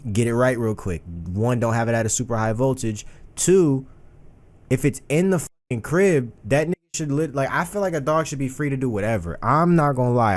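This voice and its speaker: A man giving casual reaction commentary, riffing in a slangy, profane, animated way. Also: on the low side. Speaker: reaction streamer.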